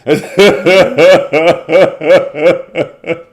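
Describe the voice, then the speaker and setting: A man chatting casually about family life, relaxed and colloquial, often laughing and playfully teasing. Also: a little high, drawn-out words. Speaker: family show co-host, father.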